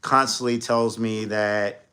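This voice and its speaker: A man's voice: fairly low pitch, little pitch movement, takes it slowly, creaky, bright, forceful tone, clean tone. A man from New York with a New York accent, telling rambling stories about acting jobs in a casual interview, with lots of fillers and restarts. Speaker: entertainer and actor. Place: home studio.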